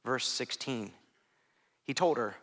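A man preaching a sermon in a conversational way, with self-deprecating asides, often dropping to soft hushed phrases. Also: mid-range voice, animated, slow pace. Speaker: pastor.

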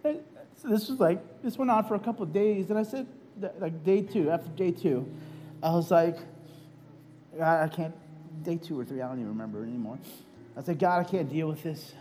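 A man's voice: on the high side, lively intonation, brisk, long pauses, mellow, a little hiss or hum. A man preaching a sermon, telling a personal story in a conversational way with frequent "right?" asides, then leading a prayer. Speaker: pastor.

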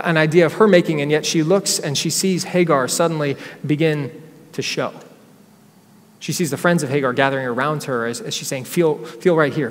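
A male pastor preaching a sermon, telling a scripture story and acting out what its people say. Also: fairly high pitch. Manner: storytelling, acts out quotes from scripture figures. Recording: long reverb of a church hall.

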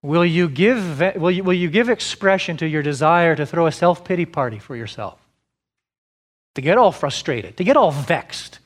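A pastor in his thirties preaches with a slightly high voice. He takes his time, spacing out each rhetorical question and letting it land before moving on. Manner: slow, deliberate preaching with repeated rhetorical questions. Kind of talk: sermon.

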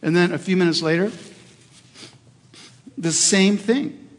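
Middle-aged male pastor, slightly high voice, earnest sermon storytelling, long hall reverb. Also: a little slow. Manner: earnest storytelling with hesitations and restarts.

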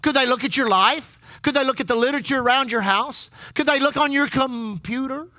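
A man preaching a sermon in a very high, piercingly bright voice. He keeps calling out for amens and repeats key lines for emphasis. His voice sounds close and completely dry. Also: a little fast, dry recording. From Texas. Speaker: pastor.

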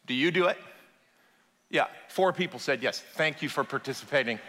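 A man preaching a sermon to a live congregation, animated and acting out the voices in the stories he tells. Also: medium pitch, moderate pace, a little hiss or hum. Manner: animated, acts out voices in quotes. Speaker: pastor. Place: church hall with audience. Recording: long hall reverb.

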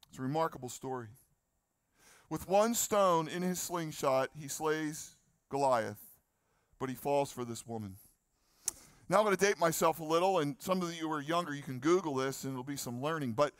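An older man preaching a sermon outdoors, lively, asking the crowd questions and acting out the psalms he quotes. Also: a little high, no room sound. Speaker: pastor. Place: outdoor lawn gathering.

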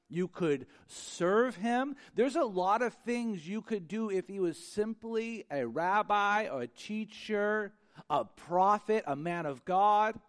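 A man preaching a sermon in a conversational, animated way, acting out little quoted exchanges and at times dropping to a soft, quiet voice. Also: sits high. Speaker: pastor.

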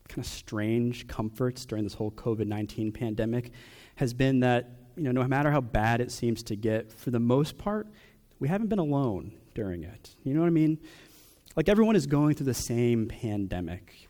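A young adult man preaching a personal sermon, asking question after question with long pauses. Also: medium pitch, warm tone. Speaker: pastor.

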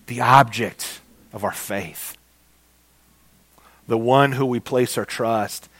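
Male preacher, slow deliberate delivery, dry recording, repeats lines for weight. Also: medium pitch, a bit bright, no room sound. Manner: slow, emphatic, repeating phrases; addresses listeners as guys. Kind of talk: sermon.

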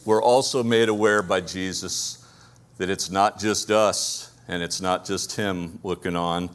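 A man's voice: low-pitched, steady tone, unhurried, clear, resonant tone. A man with a Brooklyn accent preaching a conversational sermon, asking his listeners rhetorical questions. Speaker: pastor.

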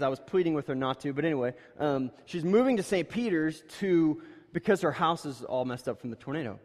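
A man preaching a conversational sermon, telling stories casually and then pressing his points more loudly and emphatically. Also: mid-range voice, expressive, fairly quick. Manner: casual storytelling that rises to emphatic, louder points. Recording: long reverb of a large hall.

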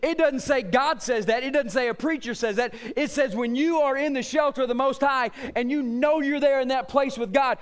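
Fervent high-voiced man preaching a sermon. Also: moderate pace, hardly any pauses, clear, resonant tone. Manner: fervent preaching that rises to shouts and drops low. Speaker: pastor.

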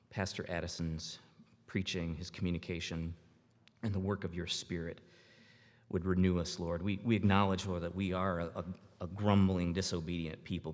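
A man reading scripture aloud in an earnest, measured way, then leading a halting prayer. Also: low-pitched, a little mellow, long reverb tail. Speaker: scripture reader and prayer leader.

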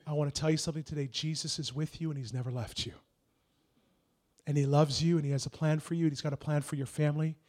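High-voiced preacher man. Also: steady tone, fast talker. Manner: repetitive, building to shouted prophetic declarations; earnest and encouraging. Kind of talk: sermon and prophetic prayer.

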